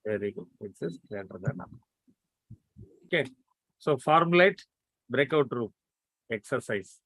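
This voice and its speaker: Male math teacher, online lecture, coaxing and brisk, dry close-miked sound. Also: mid-range voice, animated, fairly bright tone, no room sound. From India. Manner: coaxing students to answer quickly.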